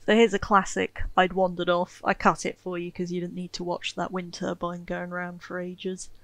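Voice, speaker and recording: A woman giving casual, wry commentary over her own gameplay, chatty and self-mocking, with sudden excited yelps. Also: lowish voice, moderate pace, no echo, poor audio. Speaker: game streamer commentating.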